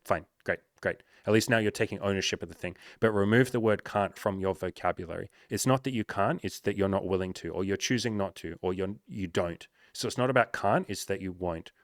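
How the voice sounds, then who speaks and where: A man in his thirties giving blunt dating advice to a viewer, swearing freely and breaking into loud hyped-up bursts. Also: fairly low pitch, no echo. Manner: swears often, loud bursts of hype, calls listener bro. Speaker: dating coach. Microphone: home microphone. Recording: dry close mic, some noise.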